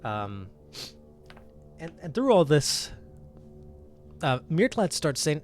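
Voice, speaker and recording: A man narrating as game master in a relaxed way, with frequent fillers. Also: fairly high pitch, takes it slowly, long pauses, faint music behind.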